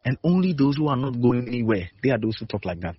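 Man, pastor, very husky voice, emphatic repeated exhortations, dull lo-fi recording. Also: mid-range voice, big pitch swings, fast talker, no room sound. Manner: repetitive, emphatic exhortation with rhetorical questions. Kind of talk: sermon.

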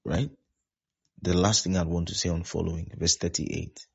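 A male pastor preaches a sermon in a very low, gravelly and husky voice. He repeats his points and keeps asking whether his listeners are following. The recording sounds dull and lo-fi. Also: fairly even intonation, normal speed.

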